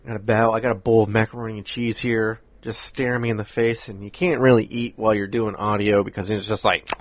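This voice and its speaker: Low, rambling male podcast host. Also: level tone, fast, no echo, lo-fi sound. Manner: rambling, joking, self-deprecating. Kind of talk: casual solo podcast chat.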